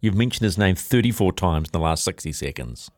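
A man's voice: deep voice, expressive, a little fast. A man hosting a casual sports radio show, bantering playfully and teasing his co-host. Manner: playful, teasing, laughs often.

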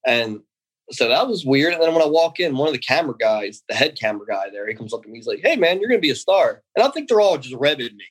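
A man's voice: medium pitch, quick pace, husky, low-quality recording. A man in his thirties, a guest in a casual interview, telling long rambling stories and acting out what other people said. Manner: rambling, animated, acts out quoted voices. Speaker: guest, former pro wrestler.

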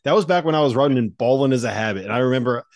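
A man's voice: mid-range voice, very fast, no echo, clean studio sound. A man hosting a sports podcast, eagerly steering the talk and passing questions to his co-hosts. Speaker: podcast host. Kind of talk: casual sports chat, hosting.

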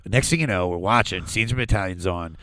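A man, a comedian guest, telling a story in casual chat, animated and laughing often. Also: sits low, fast, no echo.

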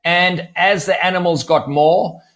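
A man's voice: high-pitched, steady tone, unhurried, fairly bright tone. A man speaking as a conservationist guest in an interview, explaining at length and repeating words as he starts sentences. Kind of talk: podcast interview.

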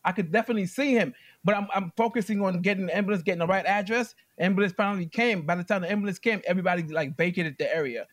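A man with a high, quick voice gives his account as a plaintiff in court. He tells it in an animated way and acts out the lines of other people. The sound is dry and close. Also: no echo. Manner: animated storytelling, acting out quoted speech. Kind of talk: courtroom testimony.

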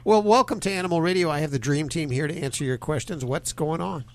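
A man's voice: fairly high pitch, fast. A man hosting a pet radio call-in show, joking with his co-hosts and greeting callers. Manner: jokey, takes calls.

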